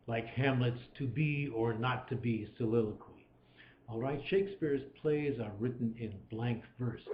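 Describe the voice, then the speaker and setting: A man giving a recorded literature lecture and explaining a poem, checking in with listeners as he goes. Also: mid-range voice. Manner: explanatory, checks in with "right?" and "all right". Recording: roomy, slightly muffled, faint background hum.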